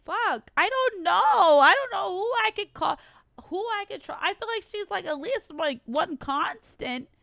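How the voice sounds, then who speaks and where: A woman's voice: very high voice, expressive, unhurried, creaky, bright, forceful tone, no room sound, clean studio sound. Panicky, swearing woman streamer. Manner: panicky, profane, screams in fear. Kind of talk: horror game playthrough commentary.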